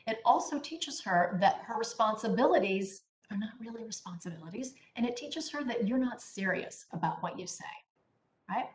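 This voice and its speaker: A woman's voice: on the high side, expressive, normal speed. A woman giving an instructional parenting presentation, speaking emphatically and often checking in with "right?". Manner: emphatic, keeps asking "right?". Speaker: parenting educator. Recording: echoey room.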